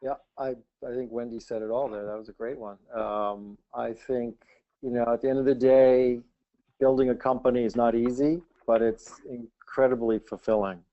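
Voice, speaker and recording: A man's voice: medium pitch, steady tone, moderate pace. A man speaking as a founder on a webinar panel, reflective, with many fillers and restarts, over dull lo-fi call audio.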